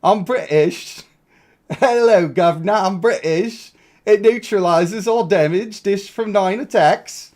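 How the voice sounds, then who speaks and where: A man's voice: high voice, darkish tone, voice pushed up. A man reading game text aloud in an exaggerated, theatrical mock British accent. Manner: over-the-top, slow, theatrical reading.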